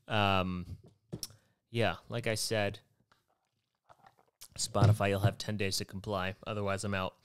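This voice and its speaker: A man's voice: fairly low pitch, little pitch movement, slow, pauses often, clean tone. A man hosting a podcast, telling a rambling comic story as a profane, exasperated rant. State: worked up and tired by the end. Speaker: podcast host. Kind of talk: rambling comedic monologue.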